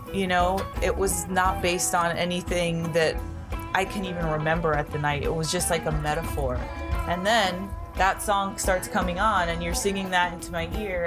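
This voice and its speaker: Middle-aged woman rambling with easy laughter. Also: lowish voice. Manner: rambling, laughs often, filler-heavy. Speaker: podcast guest. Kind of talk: casual storytelling chat.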